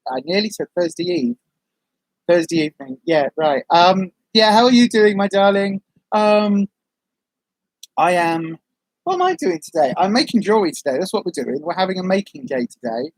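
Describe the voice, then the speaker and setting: Woman vlogger, casual rambling chat, mid-pitched voice, dry close sound. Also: big pitch swings, moderate pace, a little mellow, no echo. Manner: rambling, friendly, frequent ums and asides. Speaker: vlogger, livestream host. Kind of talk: casual chat reading viewer comments.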